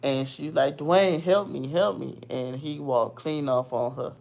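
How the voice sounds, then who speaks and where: A woman from Virginia hosting her show, casually telling a personal story in a blunt, animated, profane way. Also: deep voice, a little slow, vocal fry.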